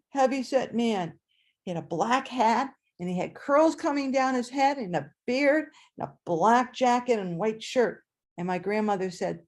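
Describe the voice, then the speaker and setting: Older lady telling a story, kinda high voice, acts out all the bits. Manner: lively, voices the squawks and dialogue. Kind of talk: told personal story at a live event. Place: storytelling event over video call.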